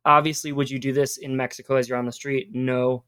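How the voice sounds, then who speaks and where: A woman's voice: rumbling low, level tone, a little fast, fairly bright tone, clean tone. A woman hosting a podcast, teaching Spanish verb endings in a casual, encouraging way and spelling out words.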